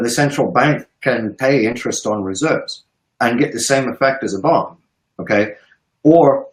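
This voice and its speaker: Emphatic man on a video call. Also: mid-range voice. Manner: emphatic, repeats words, punctuates with "okay?". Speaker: guest economist. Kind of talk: animated explanatory talk. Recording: echoey room.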